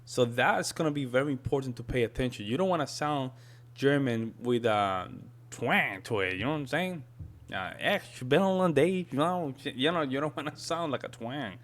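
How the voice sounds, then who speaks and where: A man's voice: mid-range voice, moderate pace, a bit bright. A man whose first language is Spanish, chatting casually as he reacts to a video and often says "man". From Spanish-speaking country. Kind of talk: casual commentary.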